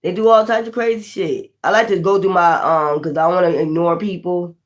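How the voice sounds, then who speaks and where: A woman from North Philadelphia with a Philly accent, chatting bluntly and roughly on a tarot livestream, swearing freely. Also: on the low side, steady tone, brisk. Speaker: tarot reader. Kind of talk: casual livestream chat.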